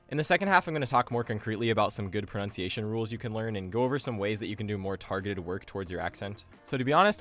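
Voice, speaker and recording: Fast-talking slangy young man. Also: fairly low pitch, a bit bright. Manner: slangy, chatty, quick asides. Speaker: language-learning YouTuber. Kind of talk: casual explainer video.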